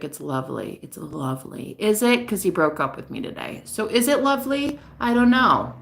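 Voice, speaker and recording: A woman chatting in a casual, gossipy vlog monologue, animated and profane, often laughing as she talks. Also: on the low side. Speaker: spiritual reader and vlogger.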